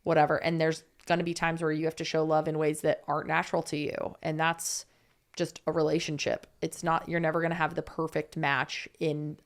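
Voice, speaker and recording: A young woman with a notably low voice co-hosts a casual podcast. She gives frank, animated relationship advice and peppers her talk with "like". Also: brisk. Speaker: podcast co-host.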